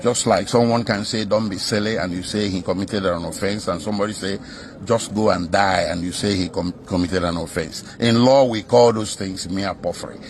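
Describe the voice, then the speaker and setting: A man's voice: low-pitched, darkish tone, a little hiss or hum. Indignant man, lawyer in interview. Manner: emphatic, indignant, measured argument. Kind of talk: news interview.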